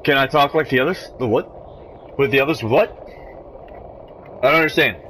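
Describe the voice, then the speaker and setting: A man's voice: mid-range voice, normal speed, a bit bright, a little hiss or hum. A man giving let's-play commentary on a horror game, jumpy and nervous, swearing a lot and talking to himself in nervous rambles. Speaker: video game player.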